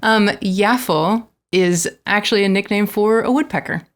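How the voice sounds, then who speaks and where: A woman's voice: medium pitch, normal speed, background noise. A woman with a Southern US accent, a podcast guest playfully running a bird-name quiz with frequent giggles. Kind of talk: casual podcast chat.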